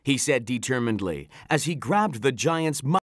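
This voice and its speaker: An animated storybook narrator with a lively, rising and falling delivery. The reading sounds close and dry, with no room around it. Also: medium pitch, moderate pace, no room sound. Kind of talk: storybook read-aloud.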